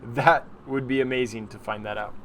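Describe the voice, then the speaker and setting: A man's voice: mid-range voice, steady tone, moderate pace, a bit bright, slight background noise. A man hosting a weekly livestream, chatting casually as he answers viewer questions and laughs at his own slips. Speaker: livestream host.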